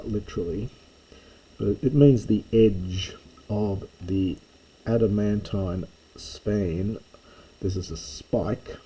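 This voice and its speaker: Slow, halting older man lecturing. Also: fairly low pitch, mellow, breathy edge, rough recording. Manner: halting, with frequent ums and restarts. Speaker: classics lecturer.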